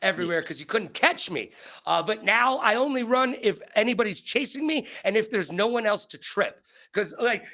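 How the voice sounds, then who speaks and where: The host, a man in his forties, has a high voice and a moderate pace. He's animated and jokey in a casual interview, full of playful asides.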